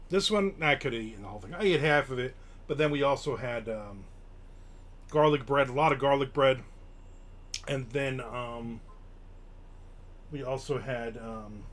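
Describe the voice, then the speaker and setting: A middle-aged man hosting a live stream, rambling casually with lots of fillers and sudden bursts of excitement. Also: medium pitch, a little slow, pauses often. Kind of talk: casual chat, reading and answering chat.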